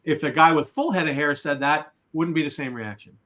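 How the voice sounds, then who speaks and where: A man's voice: on the high side, fairly quick, a bit bright. A man in a conversational discussion, sharing an example in an anecdotal way.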